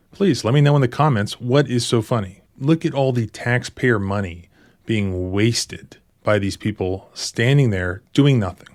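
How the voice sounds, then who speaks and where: A man's voice: lowish voice, no echo, clean studio sound. A man giving indignant video commentary on footage, speaking straight to his viewers. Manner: indignant, addresses viewers directly. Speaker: civil rights lawyer commentator.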